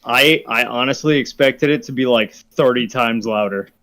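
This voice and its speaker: A man's voice: medium pitch, normal speed, pushed and bright. Rambling, laid-back man chatting. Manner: rambling, swears, trails off laughing. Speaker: tabletop game player. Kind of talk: casual chat.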